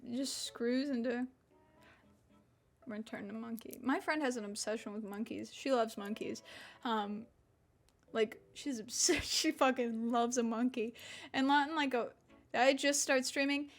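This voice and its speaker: Young woman, about 20, from Mississippi, high-pitched, odd relaxed-jaw accent, chatty rambling streamer. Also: measured pace, faint music behind. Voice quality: unusual slack-jawed accent. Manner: rambling, swears, laughs often. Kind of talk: casual stream chat.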